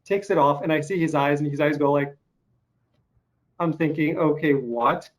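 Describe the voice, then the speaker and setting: A man in his forties from eastern Ukraine with a light Russian accent, hosting an interview and telling stories in a relaxed way with chuckling asides. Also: on the high side, moderate pace. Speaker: podcast host. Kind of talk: casual interview chat.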